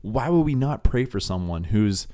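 A young man telling a faith story in a relaxed, casual way, with lots of "dude" and "like" as he talks. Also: fairly low pitch, normal speed. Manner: laid-back, says "dude" and "like" a lot. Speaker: podcast co-host.

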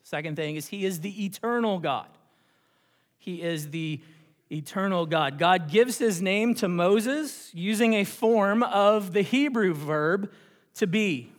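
A pastor preaching a sermon in a church, moving between hushed whispers and rising, repeated phrases. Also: medium pitch, a little slow. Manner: dramatic, with hushed whispered passages and rising repetitions. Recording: long hall reverb.

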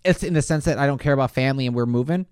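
A man co-hosting a casual podcast chat, rambling with stammered restarts, swearing freely and getting excited. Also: mid-range voice, racing, smooth, dry recording, clean studio sound. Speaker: podcast co-host.

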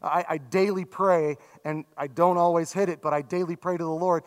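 A man in his thirties or forties, a pastor giving a sermon in a conversational, self-deprecating way with animated asides. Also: fairly high pitch, normal speed, hardly any pauses. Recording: long reverb from a large hall.

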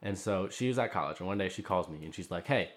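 A young man co-hosting a podcast, chatting casually and getting animated, with casual swearing. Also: low-pitched. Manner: animated, quick, swears casually, gets worked up. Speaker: podcast co-host. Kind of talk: casual chat.

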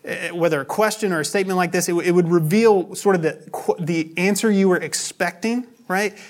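A man preaching a sermon as pastor, explaining scripture in a conversational, teaching way. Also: high voice.

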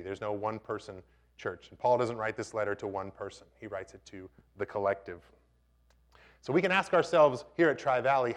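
A man's voice: mid-range voice, a bit bright. A man in his thirties preaching a conversational sermon, joking with the congregation.

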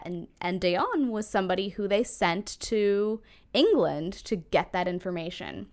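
A woman's voice: medium pitch, a little slow, fairly bright tone. A woman casually telling a history story on a podcast, laughing often and swearing freely.

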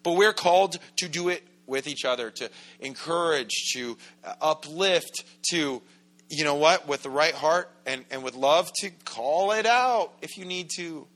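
Bright-voiced male pastor preaching casually. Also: on the high side, measured pace. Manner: conversational, jokey, acts out quoted voices. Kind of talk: sermon. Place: church sanctuary.

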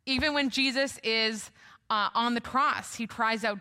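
A woman's voice: a little high, a little slow, sharp tone. A woman preaching a sermon in a conversational way, often asking the congregation questions.

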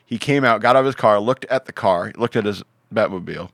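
A man's voice: on the low side, quick pace, fairly bright tone, dry recording, studio quality. A man hosting a podcast, reading out odd news stories in a rambling, joking way with many fillers. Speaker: podcast host.

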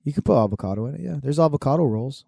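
Swearing guy, mellow voice. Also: animated, rapid-fire, vocal fry, breathy edge, no room sound, clean studio sound. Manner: profane storytelling, mimics his dad in a loud high voice. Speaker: podcast co-host. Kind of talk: casual chat.

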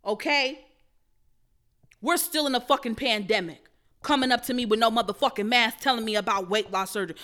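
A young woman hosting her own show, ranting in a heated, profane, emphatic way that turns quiet and somber at times. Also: on the high side, brisk. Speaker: podcast host. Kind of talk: profane solo rant.

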